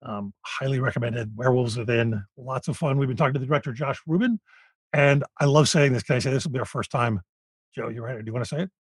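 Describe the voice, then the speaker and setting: A man's voice: mid-range voice, breathy edge, no echo. A man, co-hosting a podcast in casual chat, chatty with easy laughs. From Philadelphia. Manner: chatty, laughs easily, halting restarts. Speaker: podcast co-host.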